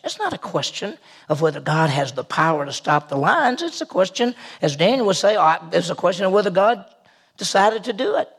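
A man preaching a sermon, retelling a scripture story with animated delivery and sudden drops to a near whisper. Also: high-pitched, brisk, vocal fry, husky.

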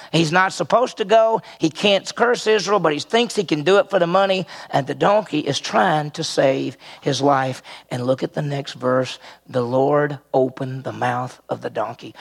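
A man preaching verse by verse, animated and full of questions aimed at his listeners. His voice is on the higher side with a gravelly, husky texture. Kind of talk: expository sermon.

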